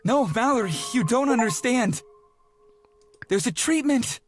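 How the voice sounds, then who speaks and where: Man doing high, strained voice of a desperate lover, faint music under. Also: animated, a little slow. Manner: frantic, raised calls. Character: desperate lover searching for a sick woman.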